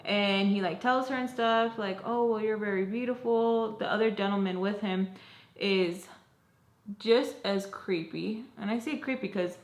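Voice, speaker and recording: A woman's voice: mid-range voice, unhurried. A young woman vlogger telling a personal story in a casual, chatty way, full of "like" and "you guys", acting out bits of dialogue. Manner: expressive, retelling scenes with quoted dialogue. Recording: roomy echo.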